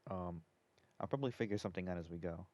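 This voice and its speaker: A man's voice: low-pitched, darkish tone, dry recording, muffled recording. A man streaming a video game, joking and swearing with friends. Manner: joking, profane, quick to laugh. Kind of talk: casual let's-play banter.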